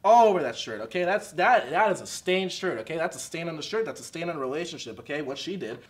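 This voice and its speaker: A comedic TV pitchman, played by a man, rattles through his sales patter at a breakneck clip, tacking "okay?" onto nearly every line. His high voice leaps up and down restlessly. Beneath the hard sell runs a steady current of bitterness about his marriage. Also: fast talker, a little hiss or hum, lightly acted. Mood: rambling bitter. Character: fast-talking male pitchman unraveling into bitter divorce rants. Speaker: infomercial pitchman. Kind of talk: comedic infomercial parody.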